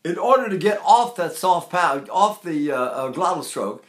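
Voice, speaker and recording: An older man teaches singing technique in an echoey room, rambling as he talks and breaking into sung vowels to demonstrate. His voice sits high and sounds fairly bright, very animated at a normal speed.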